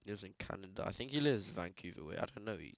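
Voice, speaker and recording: A man's voice: low-pitched, lively intonation, quick pace, vocal fry, dry recording. A man with a British accent chatting casually while editing photos, rambling and slangy, full of filler words. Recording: dull, dry lo-fi sound.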